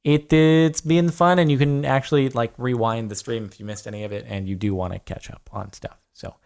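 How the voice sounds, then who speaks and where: Young male streamer, gravelly mid-range voice, rambling casual Q&A with dry asides. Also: medium pitch, steady tone, brisk, darkish tone. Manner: rambling, many fillers and restarts, dry humor. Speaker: streamer answering viewer questions. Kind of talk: casual livestream Q&A.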